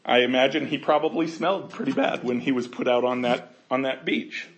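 A man preaching a sermon in an animated, conversational way, often laughing and acting out voices. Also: medium pitch, a little fast, roomy sound, slight background noise. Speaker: pastor.

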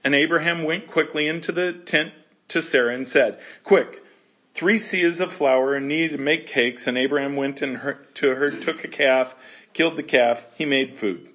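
A man's voice: fairly high pitch, moderate pace, fairly bright tone. A man leading a verse-by-verse Bible study. He reads scripture aloud, then comments casually, laughing easily and acting out the characters' lines. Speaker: Bible teacher.

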